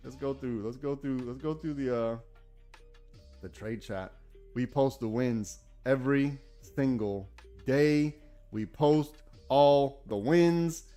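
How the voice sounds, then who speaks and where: A man hosting a live trading stream, talking casually and excitedly, often restarting his sentences. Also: mid-range voice, slow, faint music behind. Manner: enthusiastic, rambling, self-correcting. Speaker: day-trading livestream host.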